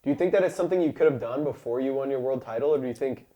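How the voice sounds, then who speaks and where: A man interviewing a guest, asking questions in a relaxed, jokey way. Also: medium pitch, racing, muffled recording. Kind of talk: casual interview.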